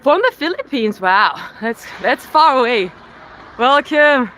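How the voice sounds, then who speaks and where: This Berlin livestreamer, a German woman with a German accent, holds her phone on a selfie stick while strolling city streets and chatting casually to viewers, her talk packed with "like." Her high, fairly bright voice has lively intonation, and she takes her time. It's a rough recording with faint street and traffic noise.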